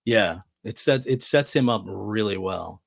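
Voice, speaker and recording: A man's voice: fairly low pitch, animated, a little slow, gravelly, dry recording, studio quality. A man joining as a guest in a casual movie chat, talking in a laid-back way that trails off.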